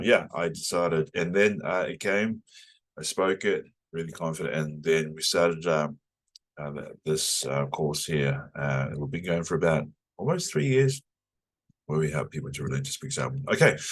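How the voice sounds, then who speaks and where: A man from New Zealand with a New Zealand accent, teaching a casual online language lesson and having the learner repeat phrases after him. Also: rumbling low. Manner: chatty, loose, repeats phrases for the learner to echo.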